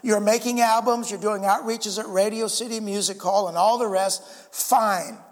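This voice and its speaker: A man's voice: high voice, fairly even intonation, moderate pace, natural voice. A man voicing a mocking, boastful male devil who threatens a mother. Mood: taunting. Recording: reverberant hall.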